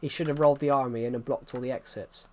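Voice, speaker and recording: A man's voice: mid-range voice, fairly even intonation, fast, mellow, slight background noise. A British man streaming live, chatting casually in an opinionated, rambling way with many restarts. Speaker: livestreamer. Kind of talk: casual livestream chat.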